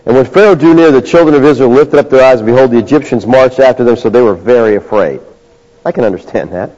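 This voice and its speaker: A man preaching a sermon, conversational, moving between quiet asides and raised, emphatic bursts. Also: medium pitch, quick pace. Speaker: pastor. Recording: dull lo-fi sound.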